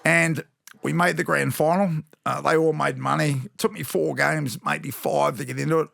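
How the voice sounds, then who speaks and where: A man's voice: fairly high pitch, fairly even intonation, moderate pace, creaky, a bit bright, no echo, clean studio sound. An Australian former rugby league player in his fifties, telling rambling, blokey stories with slang on a podcast. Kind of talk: casual storytelling chat.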